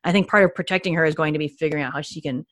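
A woman co-hosting a podcast, chatting enthusiastically with many quick restarts. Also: low voice, steady tone, dry recording, clean studio sound. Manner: enthusiastic, gushing, frequent restarts. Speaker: podcast co-host. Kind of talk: casual podcast chat.

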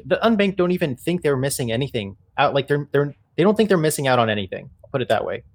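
A man's voice: mid-range voice, lively intonation, fast, few pauses. A man co-hosting a podcast roundtable, speaking candidly and skeptically in a casual way. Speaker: podcast co-host. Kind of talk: roundtable debate.

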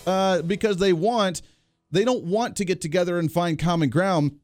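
A man's voice: sits high, normal speed, a little mellow, dry recording, soft background music. A man hosting a political talk radio show, speaking bluntly and sarcastically into a studio microphone.

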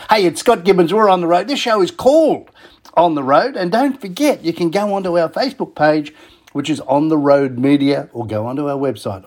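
A man's voice: medium pitch, a little mellow. A man with an Australian accent hosting a casual radio show, rambling and repeating himself with chuckling asides.

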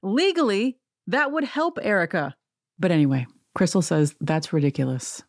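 A woman hosting a reality TV recap, talking in a sarcastic, animated rant. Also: medium pitch, normal speed, no echo, studio quality. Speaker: podcast host.

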